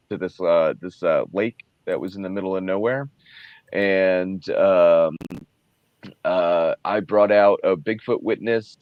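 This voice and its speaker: A man's voice: sits low, clear, resonant tone, no echo, phone-quality sound. A man in his thirties, a guest talking casually and easygoingly, with many fillers and restarts. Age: 30s. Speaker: guest, Bigfoot researcher. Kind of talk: casual conversation.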